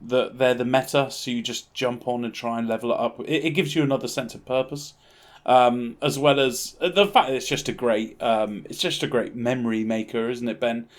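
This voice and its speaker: A man co-hosting a gaming podcast, chatting casually in an animated, rambling way and laughing easily. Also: mid-range voice, moderate pace. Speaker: podcast co-host.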